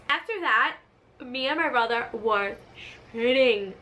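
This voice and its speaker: A woman hosting her own storytime vlog, chatty and animated, full of filler words. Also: a little high, unhurried. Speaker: vlogger, channel host. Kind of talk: casual storytime monologue.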